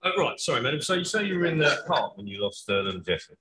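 An actor playing a pompous, oblivious middle-aged desk officer in a comedy sketch who keeps turning a report into preaching. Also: male voice, mid-range voice, big pitch swings, crowd noise, natural voice. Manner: pompous, deliberately mishearing, calls her madam. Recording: roomy, noisy video playback.

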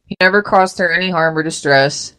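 A woman's voice: lowish voice, fairly quick, a bit bright, no echo, low-quality recording. A woman co-hosting a radio talk show, reading items from a list aloud in a chatty, casual way. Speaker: radio co-host.

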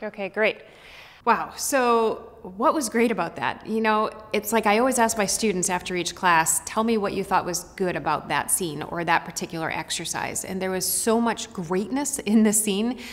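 A woman's voice: medium pitch, normal speed. A woman acting teacher explaining a scene to students in a conversational, encouraging way. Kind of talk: lesson commentary. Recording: reverberant studio room.

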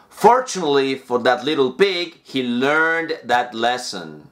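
A man's voice: medium pitch, a little slow, hardly any pauses. A man who speaks natively, reading a children's story aloud in English as an English teacher. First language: Spanish. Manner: lively, animated storytelling.

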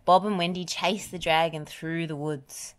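A woman reading a children's picture book aloud, gentle and even, in a slightly low voice. The recording is dry and close, with no room sound. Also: a little slow, no room sound. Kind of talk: storybook read-aloud narration.

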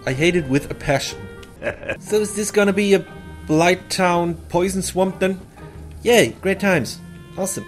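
A man's voice: high voice, moderate pace, soft background music. A man hosting a gameplay video, commenting sarcastically with jokey exclamations and laughs. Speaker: let's play host.

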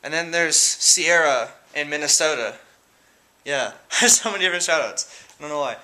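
A teenage guy rambling through shout-outs in a casual vlog at home, giggling and hesitant. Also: on the high side, normal speed. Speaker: vlogger. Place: room at home.

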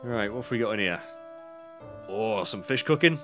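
A man's voice: lowish voice, animated, normal speed. A British man casually commenting on a video game, reading the dialogue aloud and swearing. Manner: chatty, reads game text aloud in plain voice, swears, self-mocking. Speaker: let's play commentator. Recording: game music playing behind.

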